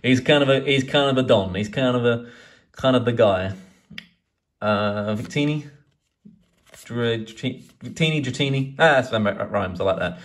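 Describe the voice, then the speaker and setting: A man chatting casually as he opens card packs, swearing and rambling excitedly. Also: medium pitch, normal speed, pauses often. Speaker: card collecting YouTuber. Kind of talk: casual pack-opening vlog.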